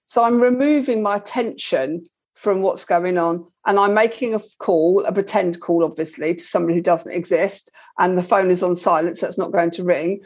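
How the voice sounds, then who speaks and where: A woman's voice: lowish voice, normal speed, darkish tone. Woman, parenting guest, earnest, self-correcting, muffled lo-fi audio. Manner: earnest, repeats words while explaining. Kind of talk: explaining in a conversation. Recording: dull lo-fi sound.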